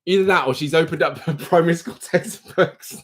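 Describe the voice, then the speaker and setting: Here a young man with a slightly high voice speaks at normal speed, teasing and chatting on a casual phone livestream while he reads quiz questions and answer choices.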